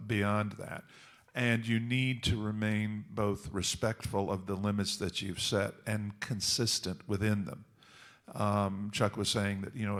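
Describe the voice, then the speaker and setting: A man speaking on a writers' conference panel, measured and wry with joking asides. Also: fairly low pitch, vocal fry. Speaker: panelist author.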